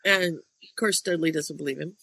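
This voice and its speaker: A woman's voice: low-pitched, moderate pace, vocal fry, fairly bright tone, husky, no room sound. A woman chatting casually with friends, retelling story scenes with little acted quotes. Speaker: podcast co-host. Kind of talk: casual chat recapping a story.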